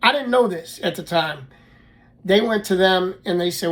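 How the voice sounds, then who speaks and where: A man casually telling his own life story, halting often with fillers and restarts. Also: sits high.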